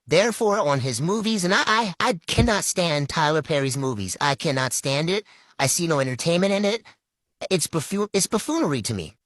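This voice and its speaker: A woman's voice: low voice, animated, brisk, no room sound. A woman giving critical opinion commentary in an emphatic way, repeating herself for stress.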